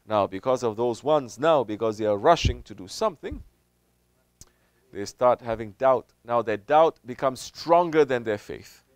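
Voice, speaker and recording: A man preaches in a lively, animated manner. He often rises sharply to mimic skeptics, then drops low to warn. His voice is smooth and resonant, recorded close and dry. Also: normal speed, dry recording. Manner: animated, acts out doubters in raised voice. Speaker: Sufi teacher. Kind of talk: sermon answering questions.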